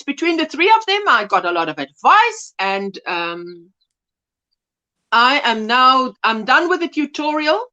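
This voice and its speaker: A woman's voice: on the high side, sharp tone. A woman hosting a casual crafting livestream, chatting and greeting viewers by name as she reads their comments aloud. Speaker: livestream host.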